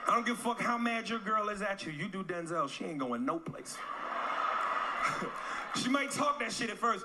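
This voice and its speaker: Brash, high-voiced stand-up comedian. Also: male voice, normal speed, long pauses. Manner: brash, profane, animated. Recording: loud noisy live club recording.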